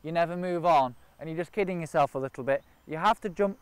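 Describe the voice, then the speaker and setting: A man's voice: a little high, fast talker, clear, resonant tone, no echo. A man training gundogs outdoors, explaining each step in a practical way. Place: outdoors in a park and by a river.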